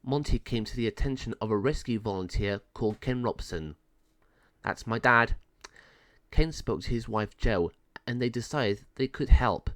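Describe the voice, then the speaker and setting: A man reads a children's storybook aloud at a middle pitch. His narration is expressive, with a lively rise and fall. The recording is dry and close. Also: normal speed, few pauses, no room sound. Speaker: storybook reader.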